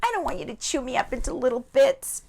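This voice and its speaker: Woman doing a sweet, high, crafty sheep for a picture-book read-aloud. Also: sing-song, quick pace, creaky, a little mellow, heavily acted. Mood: coaxing. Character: clever calm female sheep.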